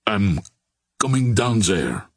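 A man voicing a bold second mate who speaks low, steady and persuasive. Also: slow, husky, dry recording, clean studio sound, full character voice. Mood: calm persuasive. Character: calm, bold second mate, male adult.

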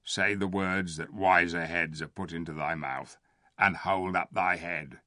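A man voicing a cold, commanding male warlord who gives orders in a low, hushed voice in a storybook reading. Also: fairly even intonation, measured pace, dry recording, clean studio sound. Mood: menacing.

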